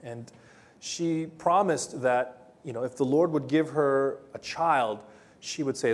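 A male pastor preaches slowly, retelling scripture stories with gentle, halting pauses. His voice sits at an ordinary middle pitch. He gathers his thoughts aloud and then carries on. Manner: hesitant, many ums and uhs, gentle storytelling. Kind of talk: sermon.

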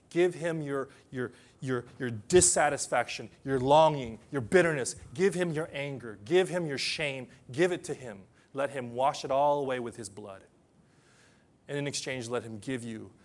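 A man preaching a sermon to people whose first language is different, telling stories and then leading a quiet prayer. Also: medium pitch, a little slow.

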